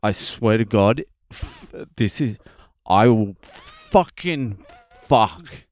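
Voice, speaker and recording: An Australian man voicing a furious father who mutters curses under his breath, his voice dropped low with a strained, altered tone. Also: animated, very slow, darkish tone. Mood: seething. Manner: low seething mutter, heavy swearing.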